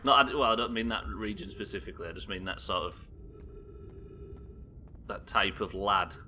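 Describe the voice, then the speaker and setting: Pitched on the low side, this young British streamer's voice sounds pushed and bright at a moderate pace, with slight background noise. He's commentating live gameplay, rambling, self-deprecating and casually cursing as he reads out what viewers write.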